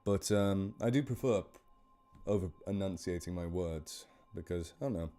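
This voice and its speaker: A man's voice: low voice, moderate pace, warm tone, faint music behind. A man with a northern English accent chatting casually to his live stream viewers, rambling and over-enunciating his words. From northern England. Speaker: live stream horror story reader.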